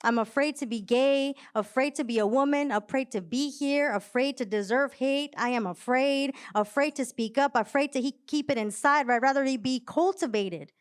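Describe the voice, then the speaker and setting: A young woman poet performing spoken word live, with soft, hesitant chat before a measured, emphatic recitation. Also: sits high, clean tone. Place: live venue.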